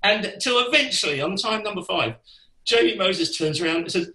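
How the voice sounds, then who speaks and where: A man tells a backstage anecdote with a sharp, forceful brightness. His voice sits slightly high for a man. He laughs easily and swears casually. The recording carries a noticeable room echo. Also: animated, normal speed. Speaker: guest musician. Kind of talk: anecdotal storytelling.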